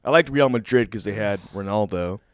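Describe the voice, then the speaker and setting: A man's voice: lowish voice, fairly quick. A young man cohosting a casual sports chat, talking in an easygoing, offhand way. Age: young adult.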